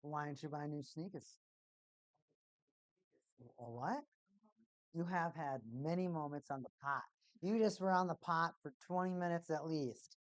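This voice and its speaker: A woman hosting a casual live stream at home, chatty and repeating her catchphrases in excited bursts. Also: deep voice, measured pace, pauses often, dry recording, lo-fi sound.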